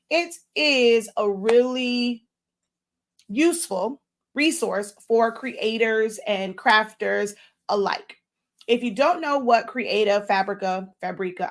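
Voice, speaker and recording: A woman hosting a casual live stream for crafters, chatting loosely and reading viewer comments aloud while chewing gum. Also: mid-range voice. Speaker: livestream host for crafters.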